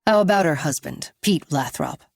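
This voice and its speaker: A woman's voice: low voice, lively intonation, moderate pace, creaky, dry recording, clean studio sound, heavily acted. A woman reader voicing a firm, probing male investigator in an audiobook.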